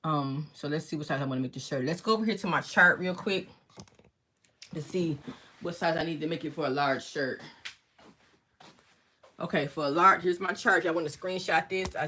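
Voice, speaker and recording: A crafting instructor with a lowish, pushed and bright voice leads a casual screen-share tutorial from her home craft workspace. She talks fast and keeps asking "okay?" as she walks through each step, with a little hiss or hum in the audio.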